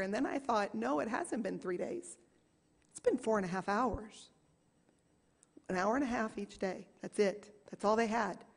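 A woman in her forties, a small group leader, telling an earnest personal story to a church congregation and slowing down to stress key moments. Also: mid-range voice. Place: church sanctuary. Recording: reverberant church hall.

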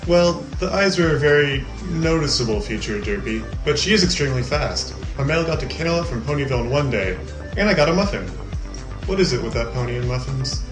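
A man as a quick, bemused ad customer. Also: mid-range voice, animated, music in the background, close to an everyday voice. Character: puzzled customer giving an ad testimonial. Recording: echoey room.

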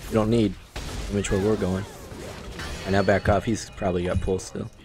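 A man's voice: low-pitched, little pitch movement, moderate pace, music in the background. A man hosting casual gaming commentary, rambling, joking and swearing freely as he plays. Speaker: gaming channel host.

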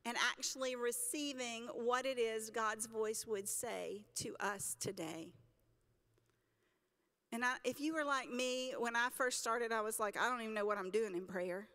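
A woman pastor preaching a sermon in a church, talking conversationally with the congregation, asking them questions and acting out the people in her stories. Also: a little high. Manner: acts out characters in stories with lively voices. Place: church sanctuary. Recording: long reverb of a church hall.

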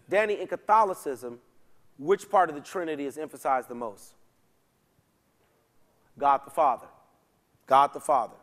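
In a church sanctuary, a pastor leads a Bible study, and his slightly high voice rings out into a long reverb. His teaching is relaxed and folksy, full of casual slang, and he checks in with his listeners often.

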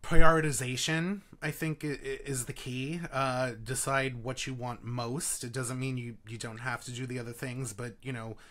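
A man from Queens with a New York accent answers questions in a loose, meandering way, padding his thoughts with fillers and restarts. His pitch sits in a middle range. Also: flat delivery, moderate pace, few pauses. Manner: rambling, filler-heavy, warm. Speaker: magazine editor, guest. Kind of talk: casual interview chat.

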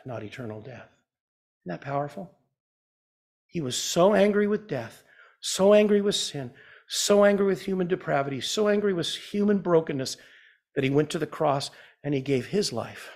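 A man preaching a sermon as pastor. He asks the congregation questions and swings from loud, urgent emphasis to a hushed softness. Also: fairly high pitch.

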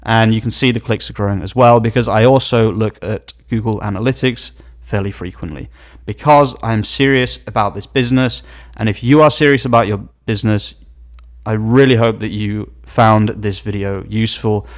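Excited man hosting an SEO tutorial. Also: on the low side, normal speed. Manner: excited, upbeat, drops to quiet asides. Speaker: SEO channel host. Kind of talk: screen-share tutorial.

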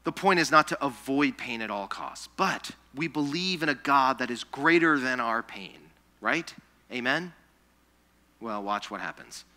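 A man preaching a sermon, telling scripture stories in an animated way, acting out the people he quotes, and dropping soft and slow when he reads the verses. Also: medium pitch. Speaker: pastor. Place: church sanctuary.

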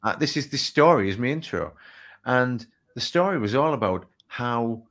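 With a mid-range voice and normal speed, this man is an author and speaker sharing an anecdote in an interview. He tells it in a lively way, acting out the exchanges.

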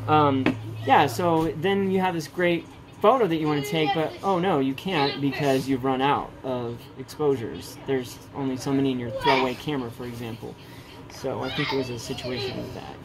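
A man's voice: medium pitch, moderate pace, a crowd in the background, rough recording. A man chatting casually as co-host of a video, rambling and playful, slipping into silly voices. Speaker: co-host, vlogger's husband. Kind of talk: casual chat.

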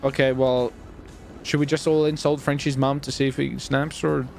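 A man's voice: medium pitch, little pitch movement, normal speed, gravelly, a little mellow, faint music behind. A man in game roleplay voice chat playing a police officer, teasing and bantering.

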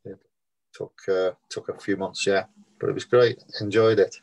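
A man's voice: sits low, little pitch movement, moderate pace, vocal fry, low-quality recording. An older man with a Liverpool Scouse accent, an actor guest in a casual interview, telling chatty anecdotes and laughing at his own tales.

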